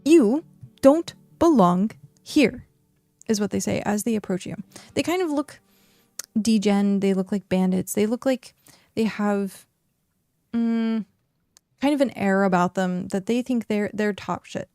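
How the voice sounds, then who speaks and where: A young woman narrating a tabletop role-playing game as game master, describing scenes in a lively way with many asides. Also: mid-range voice, measured pace, no echo, clean studio sound, faint music behind.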